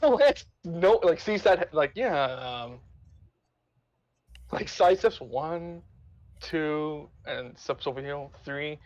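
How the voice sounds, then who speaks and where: A man's voice: a little high, animated, slow, a little mellow, dull audio. A man playing in a tabletop game, talking hesitantly with lots of fillers and giggling. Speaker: player.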